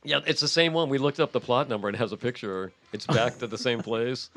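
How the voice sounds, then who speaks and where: A man's voice: mid-range voice, fast. An older man telling wild stories on a podcast, laughing often and cursing freely as he goes. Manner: laughing often, animated, profane. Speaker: podcast guest, punk musician. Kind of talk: casual storytelling. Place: podcast studio.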